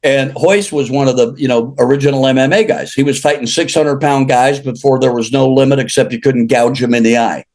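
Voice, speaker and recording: With a medium-pitched, steady, slightly mellow voice, this older Illinois country singer talks fairly quickly with few pauses. As a guest in a relaxed conversation, he spins meandering, humorous yarns and chuckles at them himself.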